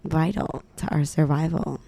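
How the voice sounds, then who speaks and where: A woman co-hosting a podcast in a studio, talking in a calm, sarcastic way and guiding listeners step by step. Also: deep voice, moderate pace, gravelly, breathy edge, no echo. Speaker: podcast co-host. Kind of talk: casual chat. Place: radio studio.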